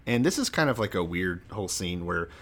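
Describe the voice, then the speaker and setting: A man's voice: low voice, sing-song, fairly quick, fairly bright tone. A man co-hosting a podcast, chatting casually in a sardonic, profane, mocking way. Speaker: podcast co-host. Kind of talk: casual comedic chat.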